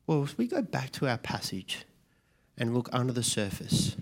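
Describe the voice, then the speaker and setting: A man preaching a sermon in a relaxed, conversational way. His voice sits at an ordinary, middle pitch for a man, and he sinks into a soft, hushed tone when he asks reflective questions. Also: moderate pace. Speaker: pastor.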